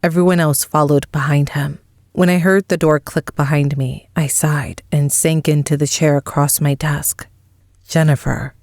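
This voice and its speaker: A woman narrating a first-person romance audiobook in a slow, measured, emotional reading. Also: low-pitched, level tone, darkish tone, no room sound, studio quality.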